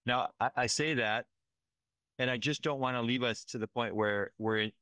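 A man's voice: medium pitch, moderate pace, bright, forceful tone, dry recording. A man telling of relief work in an earnest, emotional way, often checking in with "right?". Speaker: disaster relief worker. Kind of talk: conversational field report.

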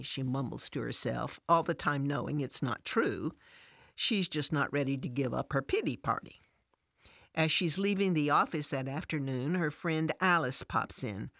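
A woman narrates a scripted devotional story in a calm, measured way. Her voice sits low. The recording is dry and close, with no room sound. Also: dry recording.

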